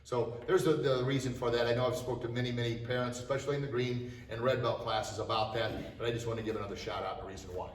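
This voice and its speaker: A middle-aged man teaching a martial arts class, demonstrating self-defense moves with energy and sharp shouted strike cries. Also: mid-range voice, flat delivery, fast, hardly any pauses, far from the mic, a little hiss or hum. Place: martial arts studio, indoors. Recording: echoey studio, voice from off-mic.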